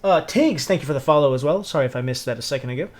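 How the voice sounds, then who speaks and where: At a medium pitch with a darkish tone, a Southern-accented man from Tennessee races through his words in an animated way. He works while livestreaming, casually greeting viewers and muttering and humming to himself, all very laid-back.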